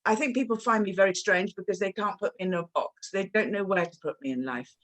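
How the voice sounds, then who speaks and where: A woman and children's author talking effusively about her books at a launch interview, with many halting fillers and animated storytelling. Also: medium pitch, rough recording.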